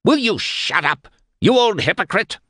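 A man's voice: medium pitch, wildly swooping pitch, normal speed, a bit bright, no room sound, clean studio sound, voice pushed up. A man playing a jeering bully of a guard. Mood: screaming. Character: jeering young male guard officer, a bully around thirty.

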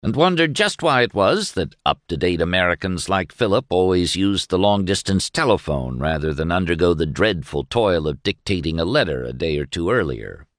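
Deep-voiced male audiobook narrator. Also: fairly bright tone, no echo, clean studio sound.

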